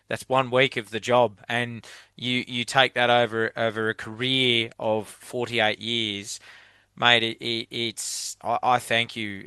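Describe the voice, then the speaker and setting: An Australian man hosts a podcast interview in a bright, crisp voice with a narrow range. He talks earnestly and keeps calling his guest mate. The sound is dry and close, over a video call. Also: mid-range voice, no echo. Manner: earnest, repeats "mate" often. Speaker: podcast host. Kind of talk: conversational interview.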